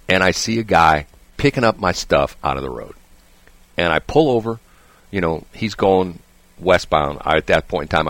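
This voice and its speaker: A middle-aged male talk show host with a low voice that leaps up and down as he tells his story. He rambles, restarts his sentences and tosses out "okay?" asides. The sound is close and dry, with no room around it. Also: a bit bright, no room sound. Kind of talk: casual storytelling chat.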